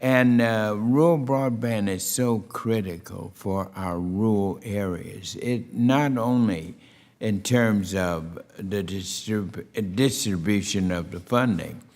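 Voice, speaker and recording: A man opens a committee hearing with formal remarks, his voice on the low side. He talks slowly and deliberately, often filling gaps with "uh". The long reverb of the hearing room trails after each phrase. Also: darkish tone. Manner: deliberate, with frequent "uh" fillers. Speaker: committee chair.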